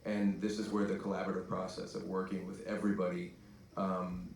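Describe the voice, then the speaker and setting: A laid-back man with a very deep voice jokes his way through a panel answer. He is heard from a distance in an echoey event hall. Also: completely flat delivery, brisk, creaky, a little hiss or hum. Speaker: voice actor on a film panel. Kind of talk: casual panel talk.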